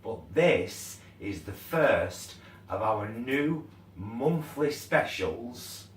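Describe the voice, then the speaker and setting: A man's voice: medium pitch, expressive, very slow, echoey room, far from the mic. A man co-hosting a casual home cooking video, chatting through a recipe with plenty of ums and uhs. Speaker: cooking channel co-host. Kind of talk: casual cooking demo chat.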